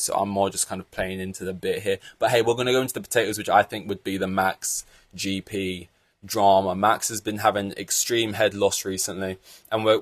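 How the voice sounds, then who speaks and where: Low-voiced man ranting on a podcast. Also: dry recording. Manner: animated, exasperated, swears freely. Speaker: podcast host. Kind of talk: casual solo podcast rant.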